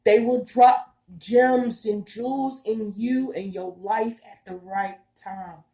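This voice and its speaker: A woman speaks straight to her viewers about spiritual growth in a casual, heartfelt way. She talks slowly, leaning on repetition for emphasis, and her voice has a dark, mellow tone. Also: a little high, steady tone. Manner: earnest and emphatic, repeats herself, casual colloquial speech. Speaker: spiritual vlogger.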